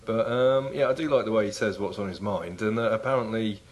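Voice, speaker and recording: A man's voice: on the low side, fairly quick. A man co-hosting a comedy podcast, talking casually with a dry, wry delivery. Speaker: podcast co-host.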